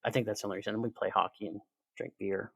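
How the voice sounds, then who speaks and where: A man, a podcast guest chatting casually in a sarcastic, joking, animated way. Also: fairly low pitch, rapid-fire, gravelly, husky, no echo. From Canada. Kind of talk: casual chat.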